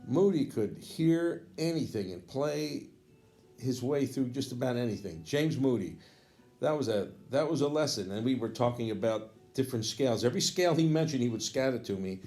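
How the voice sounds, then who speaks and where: A man's voice: mid-range voice, animated, normal speed, dark tone, faint music behind. A man and jazz educator telling a casual, rambling story, losing his thread and picking it back up with fond asides.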